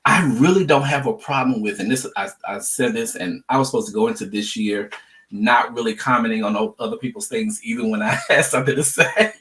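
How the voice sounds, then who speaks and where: A man who is a church elder, speaking as a podcast guest in a halting, searching way. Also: mid-range voice, a bit bright. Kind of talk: casual podcast discussion.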